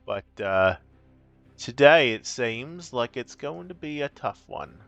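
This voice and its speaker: Man, playful live-stream chatter, bright tone, crisp clean voice, faint music behind. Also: medium pitch, lively intonation, slow. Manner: playful, chatty, rambling with restarts; breaks into silly sing-song. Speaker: streamer playing a card game. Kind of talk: casual live-stream chat.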